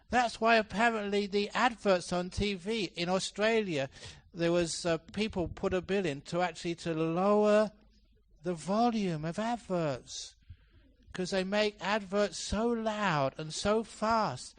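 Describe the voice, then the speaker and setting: Lively monk giving a retreat talk. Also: male voice, slow pace, dry recording. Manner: lively storytelling, changes pitch and pace to act out examples, laughs often. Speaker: Buddhist monk teaching a retreat. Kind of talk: dharma talk to a retreat audience. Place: temple hall, live talk.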